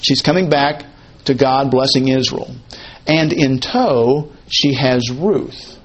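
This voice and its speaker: A man's voice: medium pitch, takes it slowly, muffled recording. Man preaching with repeated emphatic phrases. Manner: conversational, asks and answers questions. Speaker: Bible teacher. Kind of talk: expository sermon.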